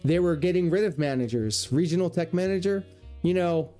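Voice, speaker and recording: A man's voice: on the high side, fairly quick, warm tone, faint music behind. A man who used to work as a cable technician, giving sarcastic, profane reaction commentary.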